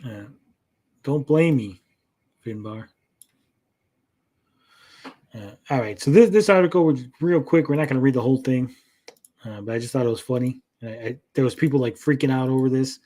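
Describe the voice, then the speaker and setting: A man's voice: mid-range voice, normal speed, long pauses, warm tone. A man hosting a casual gaming news chat, rambling with lots of fillers and repeated words, reacting to chat and swearing casually. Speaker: podcast host.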